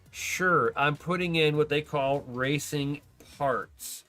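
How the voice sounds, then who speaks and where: A man hosting a podcast in casual chat, telling stories excitedly, swearing a lot and laughing often. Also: fairly high pitch, takes it slowly, soft background music. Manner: profane, excitable storyteller who laughs often. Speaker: podcast host.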